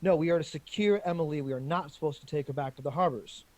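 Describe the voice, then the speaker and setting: A man's voice: a little high, fast, a little mellow, pitched above the performer's own voice, close to an everyday voice. A man voicing a distressed woman leaving urgent, pleading magical messages.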